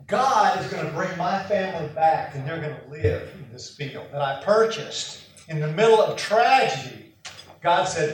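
A man preaching a sermon, telling a personal story with animated, self-mocking asides. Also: a little high, moderate pace, slight background noise. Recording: echoey room from far off.

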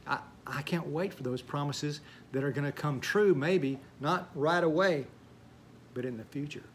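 A man's voice: on the high side, moderate pace, a little hiss or hum. A man preaching a sermon in a folksy, conversational way, with asides and stories. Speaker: pastor.

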